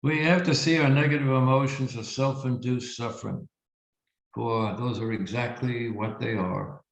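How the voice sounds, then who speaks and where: A male reverend giving a spiritual teaching talk, telling a story slowly and reflectively with emphatic pauses. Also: mid-range voice, steady tone, vocal fry. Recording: roomy, dull lo-fi recording.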